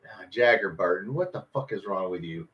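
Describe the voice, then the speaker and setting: A deep-voiced man talks fairly quickly and expressively while hosting a live football watch party. He reacts to every play with frustration, yelling at the game and swearing at players and referees. The stream audio is dull and lo-fi.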